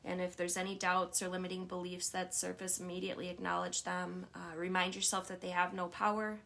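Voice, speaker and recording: A woman coaching listeners through self-talk and affirmations in a gentle, reflective way, often checking in with "right?". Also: on the low side, completely flat delivery, fairly quick, gravelly. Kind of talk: guided self-help talk.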